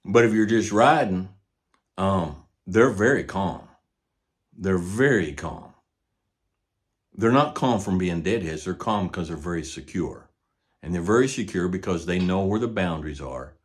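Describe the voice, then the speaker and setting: An older man with a very low, deep voice talks about horses in a relaxed, folksy manner. He tells stories at an easy pace, and his voice often falls to a quiet murmur at the ends of thoughts. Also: normal speed. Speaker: horse trainer. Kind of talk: casual teaching talk.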